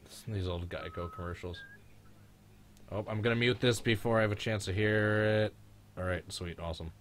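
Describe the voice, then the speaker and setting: A young man streaming a live race reaction, chatting casually with a friend and joking, getting loud when the race heats up. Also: on the low side, fairly quick, background noise. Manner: joking, gets loud and excited at race moments.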